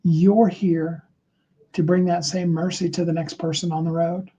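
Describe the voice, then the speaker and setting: A man's voice: on the high side, little pitch movement, measured pace, mellow, breathy edge, highs cut off. A man giving a motivational livestream talk, speaking earnestly and encouragingly to his viewers. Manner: earnest, encouraging, acts out short sample dialogues.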